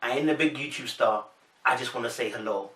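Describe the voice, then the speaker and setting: A man's voice: medium pitch, a little fast, bright, forceful tone, distant mic. A young man with a London accent giving casual, chatty commentary straight to his viewers, full of slang. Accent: London English. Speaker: reaction commentator. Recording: echoey room, voice a bit off-mic.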